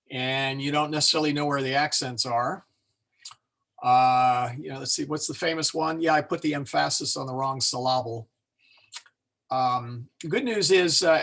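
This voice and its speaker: A man teaching an informal class on pronouncing Latin, relaxed and chatty, joking with his students and slowly sounding words out to show them. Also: fairly high pitch, gravelly. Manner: relaxed and chatty, many fillers and self-corrections, joking asides.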